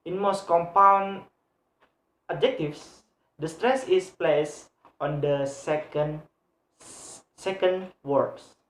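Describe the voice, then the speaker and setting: Slow, hesitant young man in an echoey room. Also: on the high side. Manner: halting, with many pauses and fillers, repeating example words. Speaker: student presenter. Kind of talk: explaining grammar in a class video. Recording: roomy echo.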